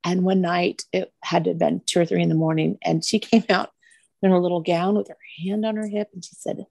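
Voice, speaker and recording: A middle-aged woman, a guest, telling a personal story earnestly, with pauses and restarts. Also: on the low side, fairly even intonation, creaky, a little mellow, slightly rough, no room sound.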